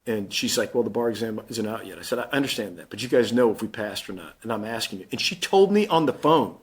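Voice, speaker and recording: A man's voice: fairly low pitch, animated, fast talker, few pauses, husky. A man in his fifties, a Marine Corps general, telling his story plainly in an interview and acting out the dialogue he quotes. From Missouri.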